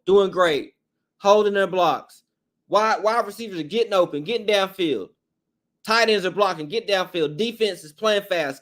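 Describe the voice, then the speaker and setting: A man, his voice a little hoarse, hosting a sports podcast with a blunt, frustrated fan rant. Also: high voice. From Tennessee, USA. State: slightly hoarse.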